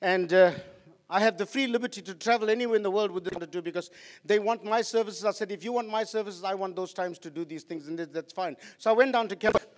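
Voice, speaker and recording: A man preaching passionately as a pastor, swinging between loud outbursts and quiet asides. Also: sits high, fast. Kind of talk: sermon. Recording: long hall reverb.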